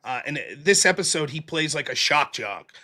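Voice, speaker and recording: A podcast host with a higher-pitched voice tells stories in casual chat, animated and swearing freely, at a moderate pace.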